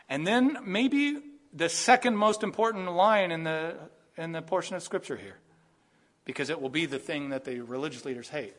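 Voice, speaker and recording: A man preaching a sermon, animated and acting out the lines he quotes. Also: fairly high pitch, fairly quick. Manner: animated, acts out quoted voices, rising to bursts of emphasis. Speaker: pastor.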